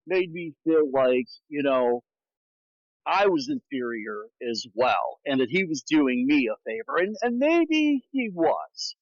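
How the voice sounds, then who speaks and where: A man's voice: on the high side, no echo, highs cut off. Slightly breathless man, podcast host on a walk. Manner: candid storytelling, frank about bad guests. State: out of breath from walking. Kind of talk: casual chat. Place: outdoors on a walk.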